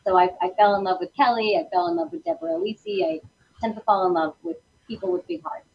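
A woman's voice: very animated, fast, gravelly, breathy edge, lo-fi sound. A woman guest on a talk show, chatting in a bubbly, effusive way. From Italian heritage. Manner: bubbly, effusive, swooping pitch. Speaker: guest, actress. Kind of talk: casual talk show chat.

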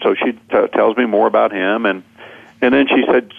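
A man's voice: on the low side, fairly even intonation, a little fast, vocal fry, dry recording, narrow, tinny audio. A man, a seminar speaker, telling a long story in conversation, rambling with many fillers and repeated words.

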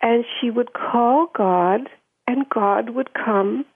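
A woman guest telling a story in a radio interview, acting out the quoted voices with lively energy over a phone line. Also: a little high, slow pace, husky. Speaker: guest speaker. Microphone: telephone.

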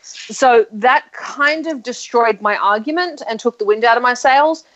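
A woman's voice: a little high, unhurried, a bit bright. Aussie woman chatting away, opinionated, laughs a lot, kinda dull lo-fi audio. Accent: Australian. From Australia. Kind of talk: casual chat. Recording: dull lo-fi sound.

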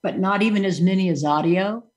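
A woman's voice: mid-range voice, a little fast, a little mellow, lo-fi sound, faint music behind. A woman hosting a casual interview chat, talking loosely with many ums and restarts. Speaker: show host.

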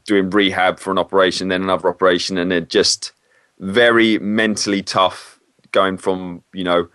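A man speaks in a fairly low voice in a relaxed interview. He is candid and often halting as he corrects himself mid-sentence. The sound is dry and close. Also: dry recording. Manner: candid, hesitant, self-correcting. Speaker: guest, former PE teacher. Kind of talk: casual interview.

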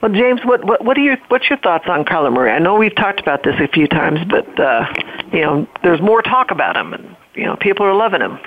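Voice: mid-range voice, sing-song, brisk, a little hiss or hum. A host leading a casual sports talk show, hesitant, repeating words and laughing easily. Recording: phone-like lo-fi audio.

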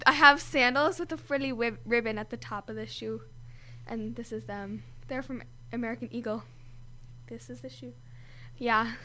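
A woman's voice: fairly high pitch, moderate pace, pushed and bright, slight background noise. A teenage girl co-hosting a kids' radio show, chatting casually and giggling often. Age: teens. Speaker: co-host.

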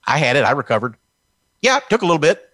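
A man's voice: a little high, very animated, fast talker, fairly bright tone, no room sound. Combative, sarcastic man from Texas. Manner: combative and sarcastic, mocking officials in put-on quotes. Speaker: political commentator. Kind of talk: heated political talk.

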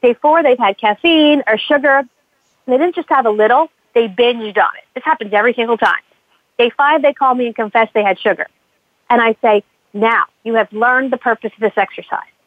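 A woman addiction counselor speaks a little fast in a high-leaning voice, chatting conversationally as an interviewee. She tells animated stories, acting out the people she works with; the audio is tinny, phone-like, and dry with no echo.

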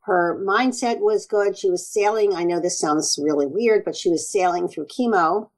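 A woman naturopathic doctor speaking as an interview guest, earnest and animated, often acting out quoted exchanges. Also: lowish voice, normal speed, poor audio. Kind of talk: conversational interview.

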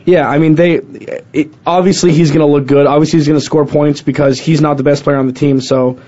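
A man co-hosting sports talk radio, quick and doubting, arguing his point. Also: fairly high pitch, level tone, dark tone. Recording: dull lo-fi radio sound.

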